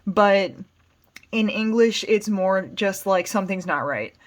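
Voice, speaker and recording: A woman's voice: medium pitch, a little slow. A woman with an American accent teaching Spanish, patiently explaining song lyrics word by word. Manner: patient, plain explanations with fillers.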